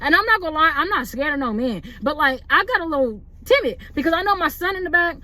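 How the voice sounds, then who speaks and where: Young woman telling a storytime, high voice, rambles a lot, lots of "like" and "bro". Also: animated, fast talker, sharp tone. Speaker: vlogger. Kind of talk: casual storytime.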